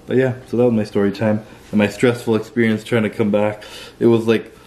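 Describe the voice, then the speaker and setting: A man's voice: fairly low pitch, flat delivery, a little fast, warm tone. A young man from Canada, telling a personal story to camera in a loose, profane way full of "like". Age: young adult. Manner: loose and profane, heavy use of "like". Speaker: vlogger. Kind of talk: casual storytelling.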